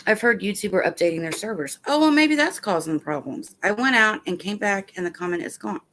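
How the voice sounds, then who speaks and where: Woman, stream host, rambling casual chat at home with a baby around, reads comments out loud. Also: medium pitch, lively intonation, fairly quick, slight background noise.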